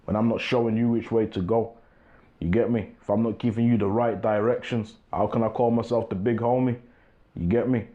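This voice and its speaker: The sound is phone-quality as a young English talk show host, his voice lowish, steady, and fairly quick, chats casually to camera. He's relaxed and habitually asks "you get me."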